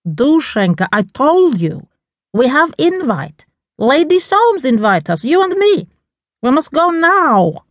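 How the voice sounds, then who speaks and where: A woman's voice: medium pitch, animated, a little slow, no echo. A woman voicing a glamorous, scheming Russian mother with a Russian accent who speaks broken English in a commanding way. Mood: bossy.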